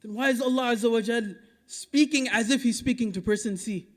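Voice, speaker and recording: High-voiced imam preaching in an echoing mosque. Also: male voice. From Dallas, Texas. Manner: impassioned, rhetorical, swinging between loud urging and hushed asides; recites Quranic Arabic quickly between English explanation. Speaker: imam giving the Friday sermon. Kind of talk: Friday sermon. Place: mosque prayer hall. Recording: long reverb of a mosque hall.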